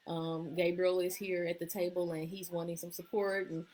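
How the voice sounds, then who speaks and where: A woman coach speaks on a live stream from her kitchen table, her voice a little low. She talks in a loose, easygoing way, full of ums and uhs, offering encouragement. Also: level tone, moderate pace. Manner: warm-hearted, loose, with many ums and uhs. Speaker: leadership and empowerment coach. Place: at home at a table with children nearby.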